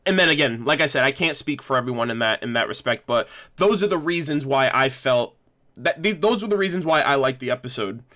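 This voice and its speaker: A man's voice: mid-range voice, lively intonation, a little fast, bright, forceful tone. A young man hosting a casual livestream discussion, rambling with many restarts as he thanks viewers. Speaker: livestream host.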